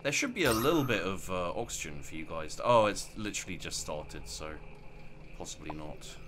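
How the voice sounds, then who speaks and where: Man, lower voice, swooping lively delivery, rambling gameplay commentary, noisy home recording. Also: normal speed. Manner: rambling, self-mocking, talks to himself while playing. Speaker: let's play gamer.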